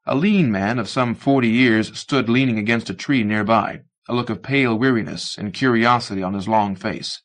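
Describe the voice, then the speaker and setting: A man reading a short story aloud as an audiobook narrator, measured and expressive. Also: fairly low pitch. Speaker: audiobook reader. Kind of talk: scripted narration.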